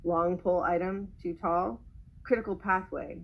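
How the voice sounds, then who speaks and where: A woman reading a personal story aloud in a measured way, with a husky voice. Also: fairly low pitch, fairly bright tone, rough recording.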